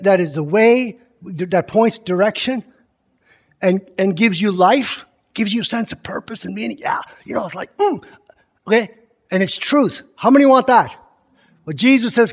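A man preaching in a conversational teaching style, reading scripture aloud with emphasis and often quizzing his listeners with questions. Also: sits high. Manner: keeps quizzing the congregation with questions.

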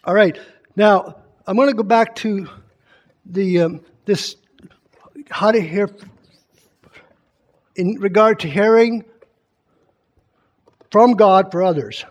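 A man preaches in a conversational teaching style, reading scripture aloud with emphasis and repeatedly quizzing the congregation with questions. His voice sits high, and he takes it slowly, pausing often.

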